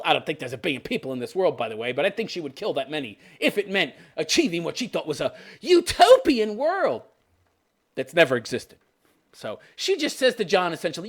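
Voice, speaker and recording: A commentary host with a fairly high, very animated male voice talks briskly with a breathy edge. He rants sarcastically in casual commentary, laughing a lot, swearing, and mocking the characters he quotes.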